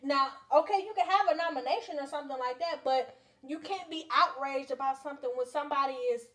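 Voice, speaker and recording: A woman's voice: sits high, fast, a bit bright. A woman co-hosting a podcast, pushing back with questions in casual chat. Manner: pushes back, questioning, argumentative. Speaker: podcast co-host.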